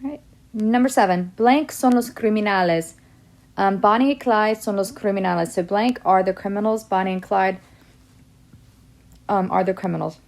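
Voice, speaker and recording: A woman's voice: mid-range voice, normal speed, gravelly, a little mellow. A woman teaching a Spanish lesson to her students, reading out example sentences and explaining each answer step by step. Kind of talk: classroom lesson video.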